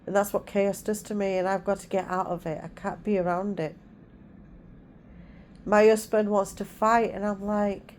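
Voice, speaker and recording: A middle-aged woman and mother talking casually in a home vlog, with a calm, soothing way of speaking. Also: mid-range voice, moderate pace, slight background noise. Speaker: vlogger and mother.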